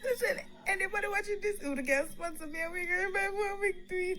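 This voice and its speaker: Woman vlogger, crying, very high lively voice, faint hiss behind. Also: quick pace. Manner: tearful, wailing, speaks in patois. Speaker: vlogger in a played clip. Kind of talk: emotional vlog.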